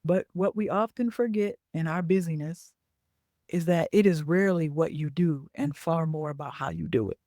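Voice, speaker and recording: A woman's voice: deep voice, normal speed, mellow, no room sound. A chatty woman talks casually to her listeners and checks in with a frequent "okay?". She corrects herself mid-sentence and then carries on. The sound is dry and close, with no room around it. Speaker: podcast host and business coach. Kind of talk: casual talk.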